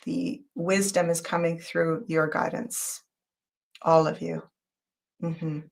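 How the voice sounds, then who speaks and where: A woman's voice: sits low, level tone, vocal fry. A woman hosting a live tarot reading show, talking to viewers in an emotional, intense, spiritual way. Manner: spiritual, guiding talk with quick changes of loudness. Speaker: tarot reader and show host.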